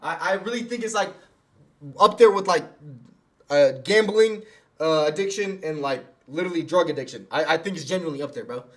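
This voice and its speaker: A man's voice: a little high, fairly quick. A young man livestreaming, giving casual slang-heavy advice to his chat and telling stories. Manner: slangy, animated, storytelling with asides.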